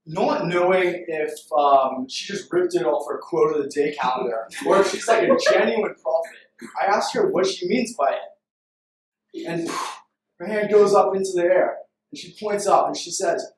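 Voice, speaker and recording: A man's voice: high voice, moderate pace, far from the mic, a little hiss or hum. Young man telling a playful story. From Canada. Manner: playful, self-deprecating. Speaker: presenter. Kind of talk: storytelling pitch presentation. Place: room full of people. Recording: echoey room recorded from afar.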